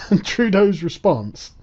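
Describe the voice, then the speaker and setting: Man, sarcastic, mocking, profane, slightly high, mellow tone, dull lo-fi audio. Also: big pitch swings, takes it slowly. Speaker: commentator. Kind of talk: reaction commentary.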